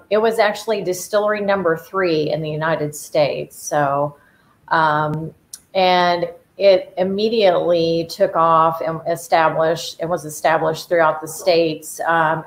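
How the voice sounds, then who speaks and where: A woman presenting a whiskey in a measured way with frequent fillers. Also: low-pitched, fairly even intonation, roomy sound, low-quality recording. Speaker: bourbon steward and guest presenter.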